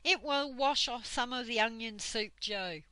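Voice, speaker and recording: A woman's voice: fairly high pitch, measured pace, pushed and bright, clear, resonant tone, dry recording. Figure: a woman playing an impatient little girl. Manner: eager and impatient. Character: impatient, giggly young girl.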